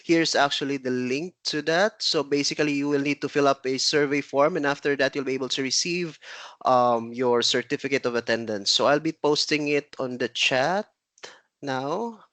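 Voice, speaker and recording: A man's voice: mid-range voice, moderate pace, a bit bright, no room sound. Guy from the philippines hosting an online webinar, lots of ums, dry sound. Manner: hesitant, many fillers. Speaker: webinar host. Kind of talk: live webinar moderation.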